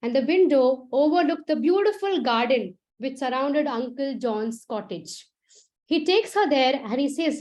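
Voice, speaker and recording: A woman telling a story aloud for adults, her voice high and clear. She builds scenes with emphatic repetition and measured, dramatic pacing. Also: lively intonation, darkish tone. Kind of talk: live storytelling narration.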